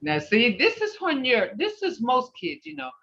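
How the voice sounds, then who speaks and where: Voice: high voice, huge pitch swings, normal speed, vocal fry, pushed and bright. Encouraging teacher on an echoey video call. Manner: encouraging, repeats "okay" and "you know", laughs often. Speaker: language teacher. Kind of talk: online language class. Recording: echoey lo-fi video call audio from far off the mic.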